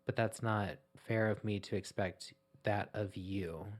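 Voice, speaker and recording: A man co-hosting a podcast in casual chat, talking earnestly and haltingly, often restarting his sentences. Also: on the low side, steady tone. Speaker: podcast co-host.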